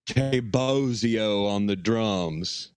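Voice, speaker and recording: A man's voice: lowish voice, extremely slow, clean tone, no room sound. A man playing a petulant grown son who swears and complains to his mother. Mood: whiny. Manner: swearing, whiny, defensive. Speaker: podcast co-host. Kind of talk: improvised comedy bit.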